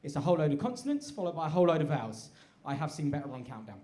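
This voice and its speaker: A man's voice: fairly high pitch, sing-song, rapid-fire, dark tone. A man doing a self-deprecating, conversational stand-up set on a stage mic. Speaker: stand-up comedian. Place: live comedy venue. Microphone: handheld stage mic. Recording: echoey live venue.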